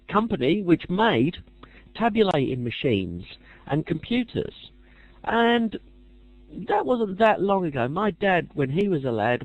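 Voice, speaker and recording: A man's voice: a little high, no room sound, highs cut off. A man giving a casual lecture as a teacher, chatty with dry jokey asides.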